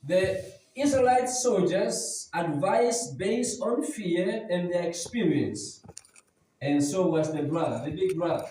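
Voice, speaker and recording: A man preaches a sermon, retelling a Bible story with drama in a very high, mellow voice. He is recorded in a church hall with heavy echo, and the mic sits well away from him. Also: lively intonation, slow pace, far from the mic. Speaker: pastor.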